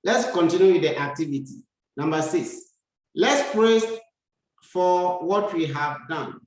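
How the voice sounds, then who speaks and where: Male grammar teacher, unhurried and repetitive, raised pitch, strong room echo. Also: expressive. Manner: slow, deliberate, repeats sentences for learners. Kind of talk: slow grammar lesson. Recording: echoey room.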